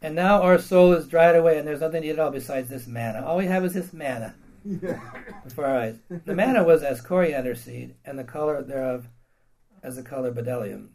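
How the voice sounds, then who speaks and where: A man preaching in a fairly high voice, reading scripture aloud and then putting it in plain, blunt everyday words. He laughs often and puts questions to his listeners. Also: fairly quick, a little mellow, poor audio. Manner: reads King James verses, then paraphrases them in blunt slang with laughs; addresses the congregation with questions.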